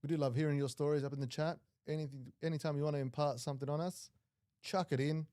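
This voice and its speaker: Australian man, poker commentator, joking and self-deprecating, quick delivery, dry close sound. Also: on the high side, fairly even intonation, dark tone, no room sound. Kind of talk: live poker commentary, casual banter.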